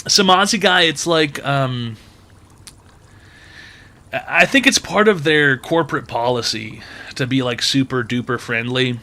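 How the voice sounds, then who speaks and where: A man with a bright, forceful voice rants comedically as the host of an advice show. He swears freely and sounds exasperated, and his voice jumps up into loud outbursts. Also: mid-range voice, measured pace, pauses often. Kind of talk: comedic rant.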